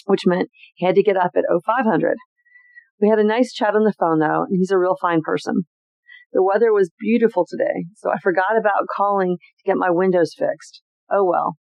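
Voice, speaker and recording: Gravelly-voiced host reading old letters. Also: medium pitch, dry recording, low-quality recording. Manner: expressive, chatty reading with personal asides. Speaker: podcast host.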